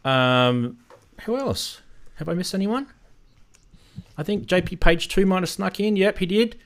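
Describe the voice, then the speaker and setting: A man's voice: high voice, expressive, measured pace. A man with an Australian accent hosting a casual live stream, rambling and greeting viewers in the chat by name. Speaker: host of a synth live stream.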